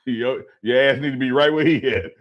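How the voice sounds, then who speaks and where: Man, mid pitch, teasing, laughing, casual live-stream co-host. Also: brisk, muffled recording.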